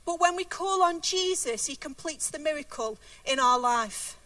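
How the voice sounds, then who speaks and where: Woman preaching, really high voice, earnest and emphatic, a bit off mic. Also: animated, normal speed, a bit bright, no echo, far from the mic. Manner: earnest, emphatic, repeats key words. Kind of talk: sermon with scripture reading.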